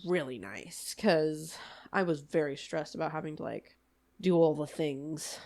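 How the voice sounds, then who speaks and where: A young adult woman co-hosting a podcast in casual chat, animated and swearing casually, often laughing. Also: sits low, measured pace, vocal fry. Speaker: podcast co-host.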